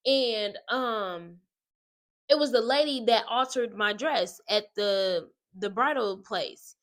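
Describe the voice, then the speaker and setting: Animated woman sharing a testimony. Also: fairly high pitch, takes it slowly. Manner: animated, speaks straight to viewers. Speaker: wedding advice vlogger. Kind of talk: casual testimony vlog.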